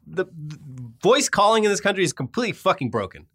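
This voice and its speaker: A man's voice: high voice, big pitch swings, quick pace, a bit bright, slightly rough. A man co-hosting a casual chat, blunt and swearing casually, who also reads news stories aloud. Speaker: podcast co-host.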